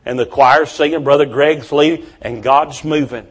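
A man with a notably high voice delivers a revival sermon. He tells stories in a fervent preaching manner, with deep conviction. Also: fairly even intonation, normal speed, breathy edge.

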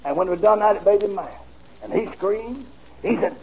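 A man preaching, telling a story in a folksy, animated way on a dull, old recording with faint hiss. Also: sits high, moderate pace. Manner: folksy, animated storytelling with laughter and drawled asides. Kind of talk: storytelling sermon.

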